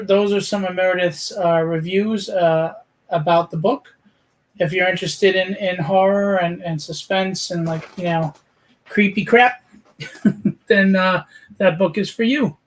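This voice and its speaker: A man hosting an online charity art auction, talking in an energetic, persuasive way with frequent fillers. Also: sits high. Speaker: auction host. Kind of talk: charity livestream pitch.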